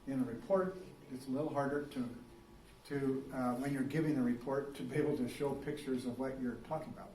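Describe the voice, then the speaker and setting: A man's voice: mid-range voice, fairly even intonation, a little fast, dark tone, slight background noise. A male biology teacher giving a casual, rambling classroom lecture, full of fillers and restarts. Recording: roomy classroom, recorded from a distance.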